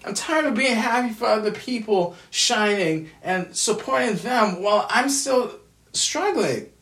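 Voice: medium pitch, expressive, measured pace, fairly bright tone. An upset, exhausted adult venting at home in a bitter, profane, repetitive solo rant. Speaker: aspiring screenwriter venting. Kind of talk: emotional solo rant to camera. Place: at home indoors. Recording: roomy echo, distant from mic.

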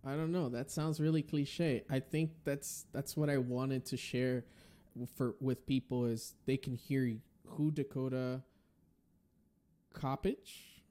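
Male podcast host from the Northeast, mellow tone, upbeat, faith-filled chat. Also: medium pitch, steady tone, slow. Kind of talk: casual podcast interview.

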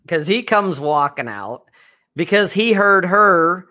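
A man's voice: high-pitched, bright, forceful tone. A man co-hosting a podcast, telling crude stories and teasing his co-host. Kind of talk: casual crude chat.

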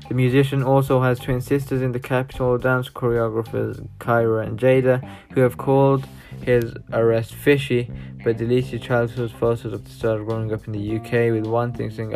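A man reading news articles aloud, stopping often for sighing, halting asides. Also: mid-range voice, vocal fry. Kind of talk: casual news reaction.

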